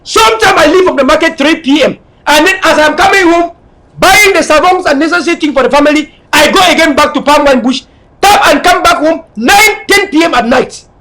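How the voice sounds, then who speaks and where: Fiery middle-aged Cameroonian man, high bright voice, shouts his political speech. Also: a little fast. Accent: Cameroonian English. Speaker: political leader.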